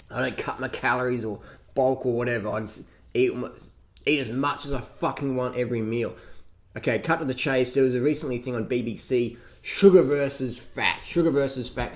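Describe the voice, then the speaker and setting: A man ranting casually and profanely, mocking others with laughs as he reacts to a documentary. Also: mid-range voice. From Australia. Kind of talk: casual rant.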